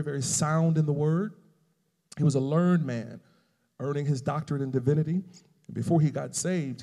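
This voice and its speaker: Male pastor in his forties, gravelly and husky, animated storytelling sermon with long hall reverb. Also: mid-range voice. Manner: animated, builds to loud emphatic preaching.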